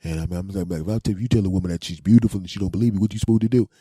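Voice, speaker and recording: An insecure young man mumbles and hesitates as he asks for advice , as a man puts him on. He speaks lower than the narrator, with a husky, very dark tone. The recording is close and dry. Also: fairly even intonation, very fast, no echo. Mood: puzzled. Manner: mumbling, hesitant, low-key.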